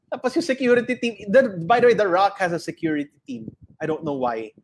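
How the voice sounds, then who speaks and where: A man with a Filipino accent, co-hosting a casual podcast chat, swearing often and telling animated stories. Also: high voice, brisk. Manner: swears a lot, animated storytelling. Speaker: podcast co-host.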